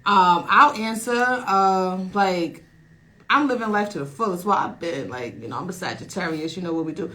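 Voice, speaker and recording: Loud lively radio host woman. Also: lowish voice, moderate pace, rough recording. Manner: loud, lively, slangy hype talk. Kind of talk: casual radio chat.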